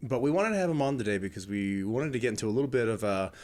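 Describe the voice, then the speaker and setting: A man's voice: medium pitch, animated, very fast, darkish tone. A man co-hosting a podcast in casual chat, laid-back, chuckling often, with a lot of ums. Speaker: podcast co-host.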